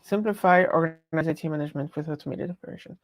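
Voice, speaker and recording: A woman's voice: low voice, fast, no echo. A woman with a French accent chatting casually on a live stream, rambling and breaking off her own sentences. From France. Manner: rambling, chatty, self-interrupting.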